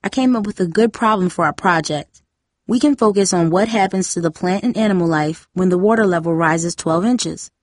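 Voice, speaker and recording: A woman reading aloud plays an earnest teenage girl who explains things carefully and reassures gently. The voice sits a little above the reader's own, fairly low for a woman. The sound is dry and close. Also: brisk, no echo, natural voice. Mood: eager.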